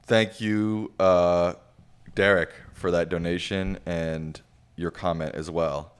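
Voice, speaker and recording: Deep-voiced, smooth young-sounding man. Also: slow pace. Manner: casual, relaxed, with frequent fillers. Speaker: livestream host reading viewer questions. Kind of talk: casual livestream chat.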